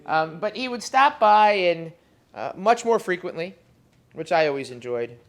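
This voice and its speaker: A funeral director who also works as an emergency medical technician gives a eulogy at a memorial service in a funeral home. The speaker tells stories about the deceased in a loose, conversational way, often pausing and talking straight to the mourners. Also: mid-range voice, expressive, creaky. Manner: conversational storytelling, acts out dialogue with humor.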